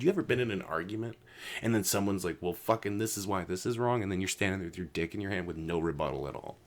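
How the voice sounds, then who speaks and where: Deep-voiced man ranting profanely. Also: quick pace. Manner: profane, ranting, swings between loud outbursts and mutters. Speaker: podcast host. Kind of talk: casual podcast rant.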